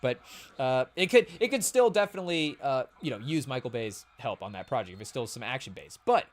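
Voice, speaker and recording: A man's voice: mid-range voice, expressive, fairly quick. A man hosting a podcast, talking casually and rambling to his chat, searching for words as he goes. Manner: rambling, with fillers and restarts, addressing the chat. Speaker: podcast host.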